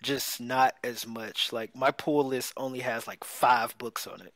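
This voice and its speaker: A man co-hosting a podcast in casual chat, easygoing and agreeable, quick to praise the others. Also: medium pitch, steady tone, a bit bright, dry recording. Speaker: podcast co-host.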